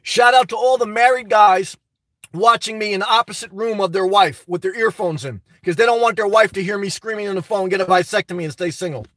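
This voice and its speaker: High-pitched male vlogger, loose rambling delivery, frequent laughs, dry unreverberant sound. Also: a little fast, dry recording. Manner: rambling, animated, laughs often, addresses viewers directly. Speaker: vlogger reading live chat. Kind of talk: casual live-stream chat.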